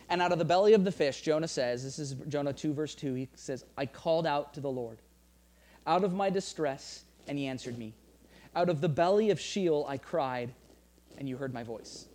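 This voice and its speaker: A man preaching a sermon in an earnest way, often repeating words and dropping softer to read scripture. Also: on the high side. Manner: earnest, repeats phrases, drops soft for scripture. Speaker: pastor.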